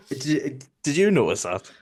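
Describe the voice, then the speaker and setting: A man's voice: medium pitch, a little mellow. A man with a Northern English accent co-hosting a film podcast, making dry, grumbling, sweary remarks. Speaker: podcast co-host. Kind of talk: casual chat.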